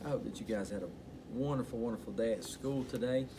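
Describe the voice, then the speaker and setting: A man reading a picture book aloud to children in an expressive bedtime-story manner. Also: medium pitch, fast, background noise.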